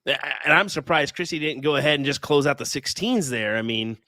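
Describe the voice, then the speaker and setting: A man's voice: on the high side, expressive, a little fast, pushed and bright, no echo, studio quality. A man from Kansas doing chatty live commentary on a darts match, laughing often and using folksy sayings.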